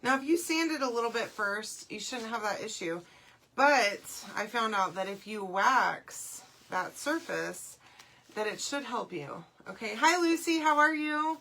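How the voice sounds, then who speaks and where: A woman, hosting a live crafting demo and chatting along as she works, often checking in with a quick "okay?". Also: on the high side, lively intonation, pushed and bright. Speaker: craft livestream host.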